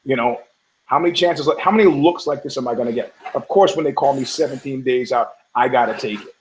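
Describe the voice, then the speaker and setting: A man's voice: mid-range voice, quick pace, a little hiss or hum, rough recording. A man hosting a podcast, riffing in a rambling, profane monologue full of restarts and tangents, telling jokes and acting out the voices. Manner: storytelling with voices, laughs at own jokes. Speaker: podcast host. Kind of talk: casual sports commentary monologue.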